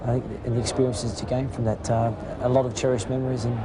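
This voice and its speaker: A man giving an earnest, halting interview outdoors, full of fillers. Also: medium pitch, little pitch movement. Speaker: interviewed footballer. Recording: outdoor traffic noise.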